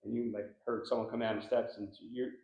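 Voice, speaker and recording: A man's voice: medium pitch, little pitch movement, fast, vocal fry. A man from Philadelphia, a paranormal investigator, chatting casually and animatedly in an interview, slangy and calling people dude. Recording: echoey room, dull sound.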